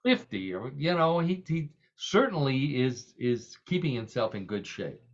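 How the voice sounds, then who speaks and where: A man with a medium-pitched, very animated voice hosts a podcast at normal speed, keeping the chat casual and comedic. He tells jokes and gags and laughs often, though the audio sounds dull.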